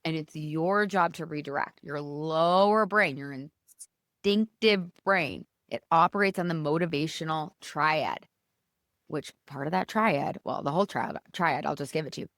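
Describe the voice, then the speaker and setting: Unhurried yet bubbly, a podcast host with a fairly bright tone delivers casual motivational talk, chatting energetically with a varied pitch. She frequently calls her audience "you guys." It's studio quality with no echo.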